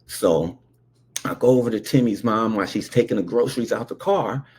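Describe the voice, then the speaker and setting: A man's voice: lowish voice, a little fast, a little mellow, slightly rough. A man telling a comic childhood story, with frequent asides like okay and all right. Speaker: comedian.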